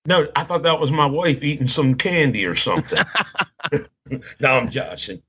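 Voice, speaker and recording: A man's voice: fairly high pitch, very animated, normal speed, fairly bright tone, lo-fi sound. A man in his fifties from Baltimore, telling long rambling stories in casual podcast chat. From Baltimore, Maryland. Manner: rambling anecdotes, acts out quoted voices.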